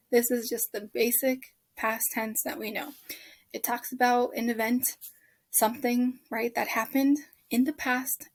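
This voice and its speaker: Chatty woman teaching Spanish grammar. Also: on the high side. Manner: chatty, self-correcting, asks "right?" often. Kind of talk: screen-recorded lesson.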